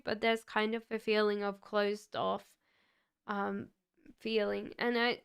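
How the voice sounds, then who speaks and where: A woman giving tarot readings on a live stream, talking gently and reassuringly with frequent fillers. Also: fairly high pitch, clean tone. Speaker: tarot reader.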